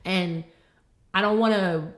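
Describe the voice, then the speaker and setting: A woman's voice: medium pitch, steady tone, slow. A young adult woman co-hosting a podcast, talking in a heated, rambling way with lots of swearing and restarts. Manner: frustrated, rambling, swears often. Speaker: podcast co-host. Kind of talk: heated casual conversation.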